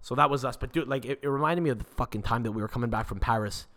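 Young podcast host, mid-pitched, loose profane rant with lots of restarts. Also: male voice, very fast, fairly bright tone. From Quebec, Canada. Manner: swears constantly, rambling restarts.

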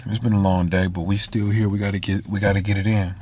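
Tired, husky man telling a story. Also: low voice, level tone, fast, darkish tone. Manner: conversational, slangy, many fillers and asides to listeners. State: tired, yawning. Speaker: podcast host. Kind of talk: casual solo podcast storytelling.

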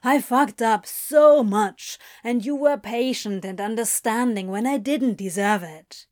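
A woman's voice: medium pitch, slow, a little mellow, no room sound, clean studio sound, lightly acted. A woman voicing a male demon who talks earnestly, mumbles and whines in remorse. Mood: remorseful. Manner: earnest, mumbling, whiny confessions.

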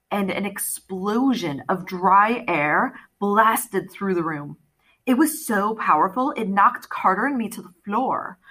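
A woman narrating an audiobook in the first person, with lively, expressive storytelling. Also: mid-range voice, slightly rough.

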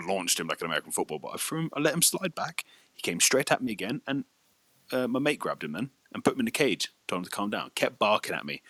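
A young man tells a story in a casual chat and swears all the way through. His low voice moves a lot in pitch as he gets animated. The sound is dry and close. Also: no room sound.

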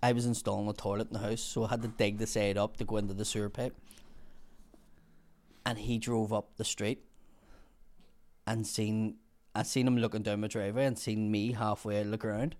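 A man's voice: fairly low pitch, flat delivery, moderate pace, pauses often, darkish tone. A man, a podcast guest telling stories, swearing freely and acting out the people in them. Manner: swears freely, acts out other people's voices. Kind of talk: casual storytelling.

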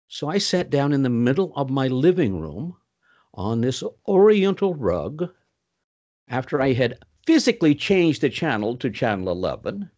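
An older man telling stories as an interview guest, animated, with sudden pitch swoops. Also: normal speed. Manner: puts on Southern voices for quoted people. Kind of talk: storytelling in a podcast interview.

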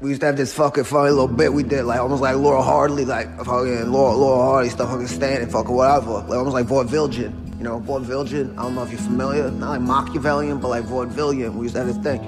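A man's voice: medium pitch, level tone, loud music behind the voice. A man telling a rambling comedic story, swearing constantly as he riffs. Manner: profane, rapid, riffing.

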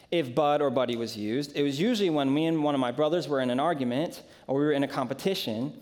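A male pastor preaching with a somewhat high-pitched voice. He delivers slow, emphatic lines, lingering on dramatic phrases. He moves from vivid scripture retelling to relaxed personal storytelling. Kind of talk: sermon.

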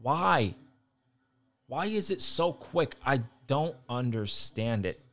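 A man's voice: mid-range voice, sing-song, slow, a bit bright. A young man ranting heatedly about wrestling, swearing often and repeating himself as he gets worked up. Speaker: wrestling commentator. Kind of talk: heated casual rant.

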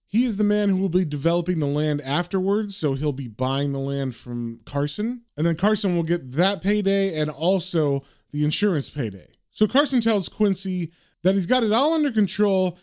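A man's voice: high voice, animated, moderate pace, a little mellow. A man casually recapping a comic book, chatty and conversational.

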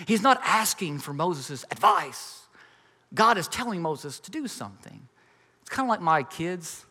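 Preacher, man in his 30s, bright tenor delivery, reverberant sanctuary. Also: high voice, sing-song, a little slow, husky. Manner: emphatic preaching, acts out quoted voices. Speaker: pastor. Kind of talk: sermon. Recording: reverberant hall.

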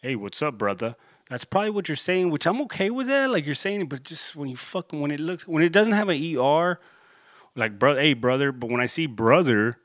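A man's voice: fairly high pitch, lively intonation, brisk, a bit bright, no echo, clean studio sound. A man, rambling casually and profanely with lots of fillers in a solo monologue. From Corpus Christi, Texas. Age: 30s. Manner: laid-back, profane, rambling with many fillers. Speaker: vlogger.

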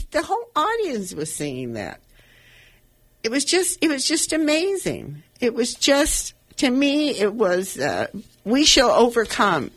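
A woman's voice: fairly low pitch, a bit bright. Earnest older woman radio host. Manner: earnest, emotional, rambling with restarts. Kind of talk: impassioned commentary.

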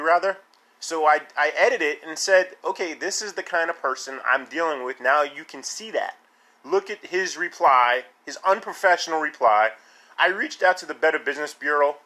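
A man rants on his own podcast in a casual, animated way, indignant and sarcastic. His voice sits a little high and sounds bright and forceful. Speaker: podcast host. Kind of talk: casual solo podcast rant.

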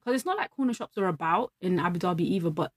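A woman's voice: lowish voice, lively intonation, quick pace. Chatty woman telling stories. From London. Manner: chatty, storytelling, laughs often. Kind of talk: casual chat.

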